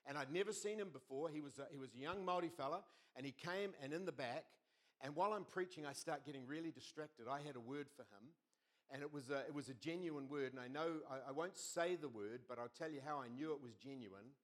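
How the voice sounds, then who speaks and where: A middle-aged man preaching a sermon as pastor, telling stories with lively quoted voices. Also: fairly high pitch, fast talker. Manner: animated storytelling with quoted voices.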